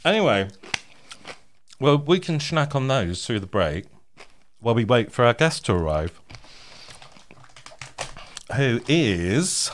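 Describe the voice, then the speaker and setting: A man's voice: mid-range voice, very animated, slow pace, pauses often, slight background noise. A man co-hosting a casual podcast, chatty and laughing often as he introduces snacks and a guest. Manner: chatty, laughs often, reads show plugs. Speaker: podcast co-host.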